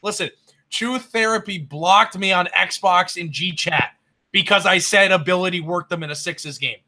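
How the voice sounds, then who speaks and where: A man chatting casually on a gaming podcast, loud and profane, ribbing his friends and laughing at himself. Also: high voice, moderate pace. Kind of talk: casual group chat.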